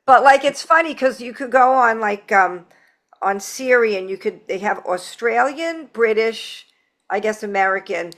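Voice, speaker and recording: A podcast host with a New York accent talks in a loose, chatty way and laughs often. Her voice sits a little on the high side. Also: a little slow, a bit bright. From Long Island, New York. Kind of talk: casual interview chat.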